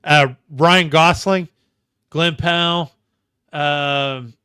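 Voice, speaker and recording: Bright, crisp male co-host, dry sound. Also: a little high, very slow, no room sound. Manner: enthusiastic, animated. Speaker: podcast co-host. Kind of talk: casual chat.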